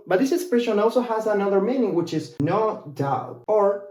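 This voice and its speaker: A man with an Argentine Spanish accent teaching a casual language lesson, explaining slowly and repeating phrases. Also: sits high, lively intonation, a little mellow, echoey room.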